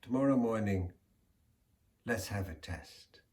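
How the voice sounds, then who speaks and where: A man's voice: on the low side, animated, takes it slowly, darkish tone. A man voicing a small, clever male tortoise who talks in a coaxing, persuasive way in a storybook tale. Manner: coaxing, stammers when pleading. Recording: echoey room.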